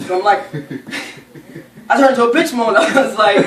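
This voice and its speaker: A young woman casually telling a funny story to friends, animated and profane, often laughing as she talks. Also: fairly high pitch, unhurried, pauses often. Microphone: camera held by a friend. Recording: roomy sound from a distant camera, faint noise.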